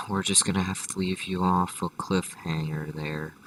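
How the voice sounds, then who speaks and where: A deep-voiced man spins an improvised comedy story, rambling and swearing, with constant restarts and tangents. His voice is forceful, and he sits a bit back from the mic in a dry room. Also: fairly even intonation, takes it slowly, far from the mic, a little hiss or hum, poor audio. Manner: rambling and profane, many restarts and asides. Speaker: storyteller host.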